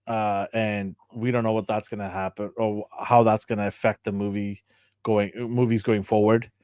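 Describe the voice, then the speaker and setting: A man's voice: on the low side, flat delivery, normal speed, a little mellow, smooth, no room sound, studio quality. A man co-hosting a casual show review, chatty and rambling, often laughing between his points. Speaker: co-host.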